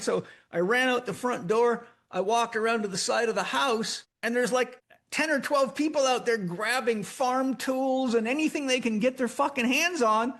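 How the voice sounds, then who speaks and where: A middle-aged man, a spiritual teacher, telling his students a story in a profane, animated way and acting out the shouted lines. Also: extremely high pitch.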